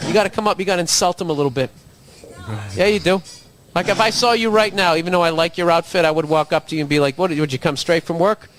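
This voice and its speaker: A man's voice: high voice, fast talker, fairly bright tone, slight background noise. A man doing a crude, swaggering comedic rant as a solo podcast host, swearing freely and laughing at his own jokes.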